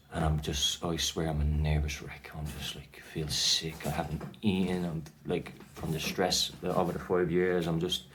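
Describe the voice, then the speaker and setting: An Irish vlogger tells the story of his anxiety casually to camera, rambling along with plenty of fillers and restarts. His voice sits low with a slightly bright edge, and a faint hiss or hum runs through the recording.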